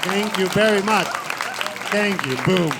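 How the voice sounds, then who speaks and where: High-voiced man doing stand-up comedy. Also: vocal fry, over a noisy crowd, very noisy. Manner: animated, mock-outraged rants with quick asides. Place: comedy stage before a live audience. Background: audience laughter.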